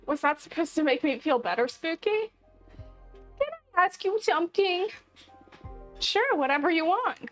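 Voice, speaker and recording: A woman's voice: very high voice, lively intonation, normal speed, pauses often, fairly bright tone, soft background music. A young woman streamer reading game dialogue aloud, often breaking into giggles. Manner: giggly, keeps breaking into laughter while reading.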